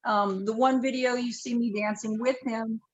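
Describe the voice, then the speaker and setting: A woman with a fairly high voice talks over a video call as an interview guest. She tells casual stories with lively energy and laughs often. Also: normal speed, highs cut off. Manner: animated storyteller who laughs often. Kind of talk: casual storytelling on a remote interview.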